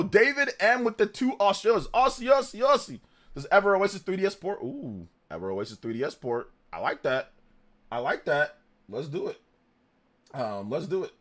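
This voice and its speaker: Brief: young male streamer, high bright voice, bouncy and slangy. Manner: energetic, slangy, hums theme tunes, laughs often. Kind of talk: casual live reaction stream chat.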